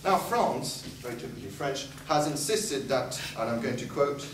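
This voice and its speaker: A man's voice: mid-range voice, lively intonation, moderate pace, few pauses. A man giving a formal competitive debate speech, full of sarcastic, ironic jabs. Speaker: debate speaker. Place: debate hall. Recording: echoey hall from far off with noise.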